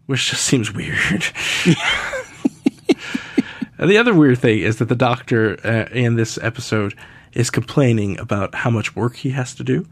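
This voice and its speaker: A man's voice: medium pitch, lively intonation, a little slow, long pauses, breathy edge. A man hosting a casual podcast, chatty, laughing often and acting out characters' lines as he recaps an episode. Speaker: podcast host.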